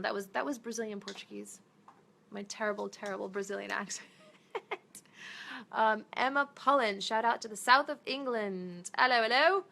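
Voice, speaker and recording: A woman's voice: mid-range voice, fairly even intonation, normal speed, creaky, bright, forceful tone. A woman in her thirties, an actress, chatting casually in a live stream, reading fan comments aloud and switching between English and Portuguese.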